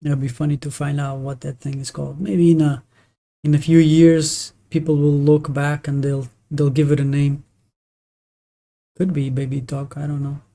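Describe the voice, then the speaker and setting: A native Portuguese speaker streams live, chatting casually as he plays. His mid-range voice is warm with a flat delivery, and his opinionated remarks are halting, with many restarts.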